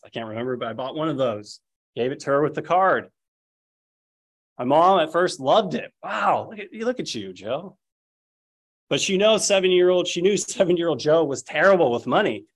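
A man's voice: on the high side, animated, brisk. A man in his thirties preaching a sermon, retelling scripture and family stories, acting out the people he quotes. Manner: storytelling, quotes figures in raised voices.

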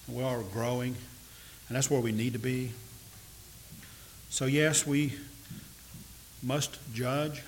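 Male preacher, mid pitch, earnest and measured, slow stresses; light hiss on the recording. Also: poor audio. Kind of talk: sermon. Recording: faint hiss.

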